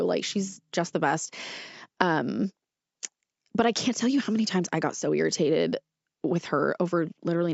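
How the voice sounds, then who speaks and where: A woman's voice: fairly low pitch, gravelly, dry recording, muffled recording. A young woman hosting a casual podcast, talking in an earnest, rambling way with many fillers and self-corrections. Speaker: podcast host.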